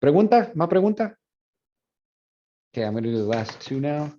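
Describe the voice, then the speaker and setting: A man teaching a phonetics class review, explaining and repeating words slowly to model pronunciation. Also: on the high side, big pitch swings, warm tone, slight background noise. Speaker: Spanish phonetics instructor. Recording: dull lo-fi classroom recording.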